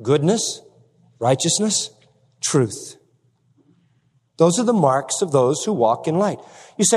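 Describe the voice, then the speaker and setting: Male preacher, high and lively voice, emphatic sermon delivery, long hall reverb. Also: takes it slowly, pauses often, breathy edge. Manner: emphatic, with rhetorical questions to the congregation.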